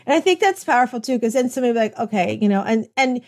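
She talks rapid-fire in a fairly high, expressive voice, an American woman interviewing a guest on her podcast. Her enthusiasm spills into long, rambling passages full of false starts.

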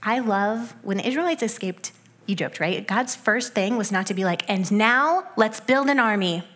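A young adult woman giving a sermon in a conversational way, with animated asides that drop into soft, hushed stretches. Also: medium pitch, normal speed.

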